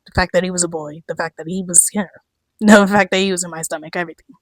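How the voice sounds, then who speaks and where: A young woman chatting casually to camera about her year, candid, swearing freely and laughing often, her voice going hoarse. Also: fairly low pitch, steady tone, quick pace, no room sound. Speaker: vlogger.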